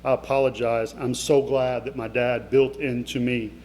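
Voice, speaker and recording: A middle-aged man tells personal stories in a motivational speech, emotional and conversational, often turning to address the audience directly. His voice is of mid pitch for a man. It rings through an echoey hall over a faint background hum. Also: flat delivery, normal speed, darkish tone. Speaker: keynote speaker. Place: event hall before a live audience.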